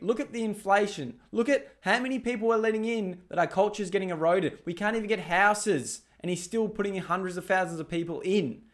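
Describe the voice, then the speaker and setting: A man with a high voice delivers heated commentary. He is blunt and profane, talking straight at the viewer. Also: a bit bright. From Australia. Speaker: political commentator. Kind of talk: ranting commentary over clips.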